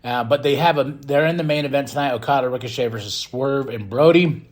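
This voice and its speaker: A man hosting a podcast, giving a casual, excitable and rambling recap of a wrestling show, often breaking into laughs. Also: medium pitch, brisk. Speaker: podcast host.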